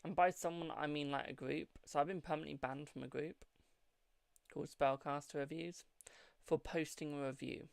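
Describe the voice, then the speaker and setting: Casual live-stream tarot host, gravelly mid-pitched voice, dry close sound, loose and chatty with viewers. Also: fairly even intonation, normal speed, dry recording. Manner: chatty, fills with "like", calls viewers darling and Boo; yawning, low-key.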